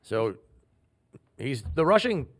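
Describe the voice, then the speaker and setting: A man's voice: medium pitch, takes it slowly. A man hosting a sports talk show in a studio. He steers the chat and slips in jokes now and then. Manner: steady, joking interviewer. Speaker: radio show host. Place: radio studio.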